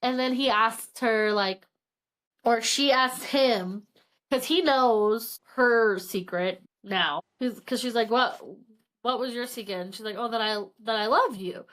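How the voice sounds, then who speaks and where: Chatty female book-podcast co-host with a slightly high voice who retells plots and slips into the characters' lines. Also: a little slow, a bit bright. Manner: chatty, acts out characters' lines while retelling plot, many "like" fillers. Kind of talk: casual book chat.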